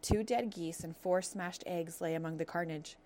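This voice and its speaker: A woman reading a children's novel aloud as narrator, telling the story in a steady, expressive way. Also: lowish voice, normal speed.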